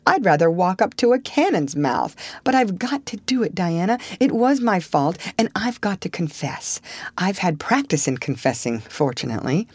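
Impulsive orphan girl, read by a woman, eager, lively, dry recording. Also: on the low side, normal speed, husky, no room sound, voice pushed up. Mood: pleading. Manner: eager, breathless, earnest pleading. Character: dreamy talkative orphan girl, impulsive, earnest.

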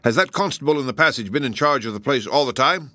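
A man voicing a sharp, commanding detective who gives crisp orders. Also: mid-range voice, expressive, fast talker, no echo, pitched above the performer's own voice.

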